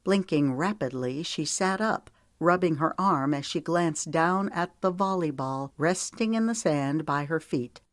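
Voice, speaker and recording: A woman narrating an audiobook in measured, steady storytelling. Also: low voice, dry recording, studio quality. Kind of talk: scripted narration.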